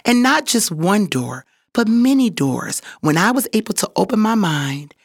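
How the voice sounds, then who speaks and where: Upbeat woman with lively pitch. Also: a little slow, no room sound, studio quality. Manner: upbeat, enthusiastic, encouraging. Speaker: podcast host; voiceover artist. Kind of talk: motivational podcast talk.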